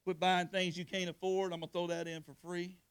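A male pastor preaching with a high, gravelly voice. He talks plainly and colloquially and keeps calling on the congregation to answer back, raise hands and repeat after him. His delivery moves from quiet, low asides up to forceful, raised exhortation. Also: level tone, fairly quick. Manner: preaching with call-and-response to the congregation; colloquial Southern speech. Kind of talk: sermon.

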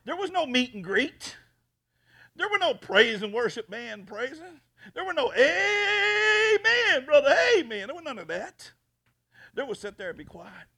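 A man's voice: extremely high pitch, sing-song, normal speed, gravelly, bright, forceful tone, husky. A male pastor preaching a fiery sermon, repeating himself and stumbling over restarts.

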